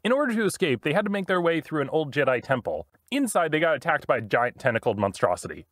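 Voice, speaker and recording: A man's voice: a little high, sing-song, quick pace, few pauses, a bit bright, dry recording, studio quality. A man telling a comedic story about his tabletop game as the game master, playful and full of sound effects.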